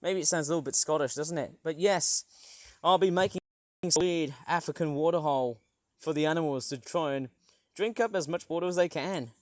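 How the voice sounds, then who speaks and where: A man's voice: on the high side, a little fast, no echo. A man casually vlogging from his backyard garden, rambling, joking at himself and tripping over his words. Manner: rambling, self-mocking, stumbles over words.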